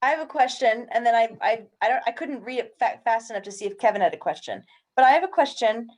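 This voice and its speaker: A woman at a video-call book club asks her questions hesitantly, stopping and restarting as she looks for the right words. Her voice sits a little high for a woman. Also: expressive, fast talker, a little mellow. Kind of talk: casual video call discussion.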